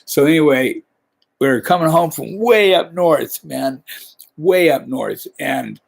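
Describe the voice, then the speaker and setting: A man's voice: on the high side, animated, unhurried, gravelly. A man hosting a podcast, telling a rambling, profane work story in casual talk. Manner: profane, rambling, peppers with "you know". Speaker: podcast host.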